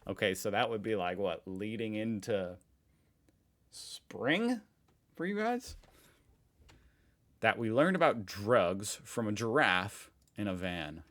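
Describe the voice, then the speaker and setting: A man's voice: lowish voice, normal speed, few pauses, fairly bright tone. A young American man hosting a reaction video, chatting casually with curiosity and easy amusement. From United States.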